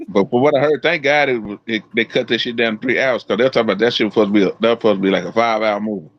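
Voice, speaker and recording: A man's voice: lowish voice, very fast. A man co-hosting a live podcast, telling stories in casual, profane chat and acting out his own quotes. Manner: profane, animated storytelling with voiced quotes. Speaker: podcast co-host. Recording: dull lo-fi sound.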